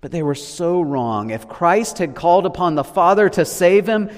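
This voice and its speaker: A man preaching a sermon, swinging from loud declarations to hushed, low lines. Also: sing-song, unhurried. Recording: long reverb of a large hall.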